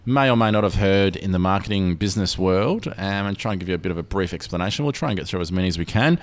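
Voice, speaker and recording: A man's voice: sits low, animated, quick pace. A man hosting a podcast, chatting loosely and often restarting his sentences. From Australia. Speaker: podcast host. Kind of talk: casual podcast chat.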